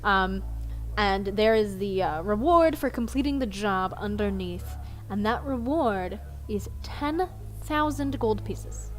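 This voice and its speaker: A woman's voice: mid-range voice, animated, takes it slowly, faint music behind. A woman narrating as game master in a casual, chatty way with plenty of ums.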